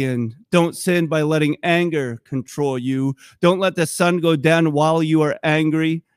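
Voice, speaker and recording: A man preaching a sermon to his congregation, dropping into soft hushes and slow emphatic pauses. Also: on the high side, dry recording. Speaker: pastor.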